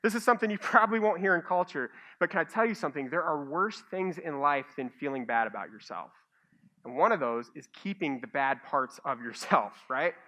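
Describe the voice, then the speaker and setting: A man preaching a sermon as a pastor, telling stories with animated, self-mocking humor. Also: high voice. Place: church stage.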